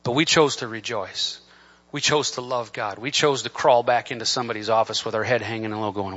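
A man preaching a sermon from the pulpit, swinging between emphatic, near-shouted scripture and quiet, conversational asides. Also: mid-range voice, fairly even intonation, fairly quick. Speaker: pastor. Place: church sanctuary. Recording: dull lo-fi church recording.

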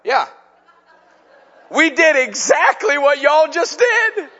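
High bright-voiced fervent male preacher. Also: big pitch swings, slow. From Chicago area, Illinois. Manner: storytelling, rising to fervent exhortation. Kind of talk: sermon. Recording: dull lo-fi sound.

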